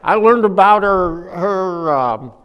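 A man preaching a humorous storytelling sermon, animated, acting out voices and swinging from quiet to loud. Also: high voice, slow pace. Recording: echoey hall.

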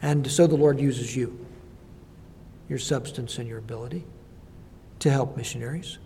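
An older man preaching a sermon as a missionary, telling personal stories in a halting, reflective way. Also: mid-range voice, mellow, slight background noise. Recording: long hall reverb.

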